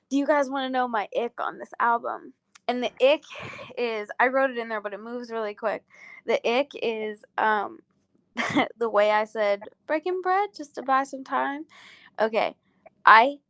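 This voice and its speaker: A woman's voice: a little high, fairly bright tone, dry recording, studio quality. A woman chatting casually on a livestream, groggy, rambling and giggly, swearing freely between songs. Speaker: singer on a livestream.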